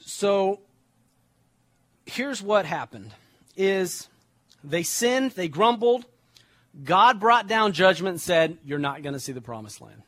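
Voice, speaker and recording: A young adult man delivers a sermon in a slightly high voice. He reads scripture aloud with slow emphasis, then shifts into casual explanation. The sound is dry and close, with no room echo. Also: sing-song, fairly bright tone. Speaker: preacher.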